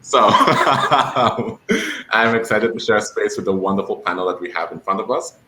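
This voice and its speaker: A young man with a French Albertan accent moderating a virtual panel, animated, expressive and earnest. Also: lowish voice, fast talker, reverberant, a little hiss or hum, poor audio. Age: young adult.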